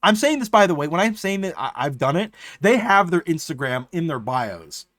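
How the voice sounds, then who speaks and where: A man's voice: a little high, big pitch swings, moderate pace, fairly bright tone, no room sound, studio quality. A man chatting casually on a live stream, rambling and swearing often, restarting his sentences.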